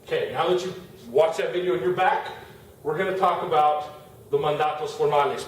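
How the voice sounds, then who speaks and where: A male Spanish teacher explains a grammar lesson in a fairly high voice. He patiently stretches out example words and says them again. He sounds far from the mic, in a very echoey room with a faint hiss.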